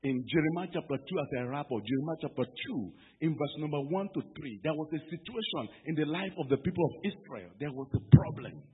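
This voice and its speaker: A man preaching a sermon as pastor, dramatic and swinging between hushed and shouted delivery. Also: fairly high pitch, expressive, brisk, hardly any pauses, slightly rough. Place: church. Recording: tinny phone-like sound with long hall reverb.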